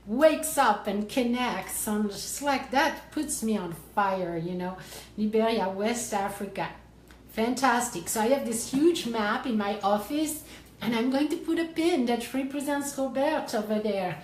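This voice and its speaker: A woman with a French accent hosts a casual coaching livestream from her office, greeting each viewer effusively by name. She talks slowly in a fairly high voice. The room around her sounds echoey. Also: darkish tone, slight background noise. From France. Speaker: life coach hosting a livestream.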